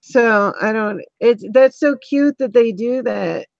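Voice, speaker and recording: A woman hosting a casual video-call interview, chatty with frequent ums, recovering from being sick and clearing her throat. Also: on the high side, takes it slowly, dry recording. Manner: chatty, warm-toned with filler ums. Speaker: interview host. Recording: dull lo-fi call audio.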